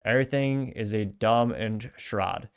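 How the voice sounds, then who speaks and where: A man's voice: lowish voice, normal speed, clean tone. Wry male host reading comments. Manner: wry, offhand asides with chuckles. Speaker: show host.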